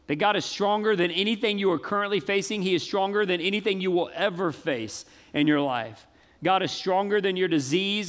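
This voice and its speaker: A man preaching to his congregation in a relaxed, talkative way. His voice sits a little on the high side. He reads scripture slowly and then drops into everyday asides. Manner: conversational preaching with casual asides. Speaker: pastor. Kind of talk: sermon.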